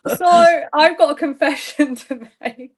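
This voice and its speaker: Young adult woman, candid and chatty interview guest; slightly high pitch. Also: unhurried. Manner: chatty, candid, laughs often. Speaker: reality show contestant guest. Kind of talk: casual interview chat.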